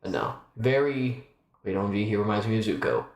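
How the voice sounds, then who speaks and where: Lively-voiced male streamer, roomy sound. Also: lowish voice, fairly quick. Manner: rambling and chatty, with restarts. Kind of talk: casual live-stream chat. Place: home room.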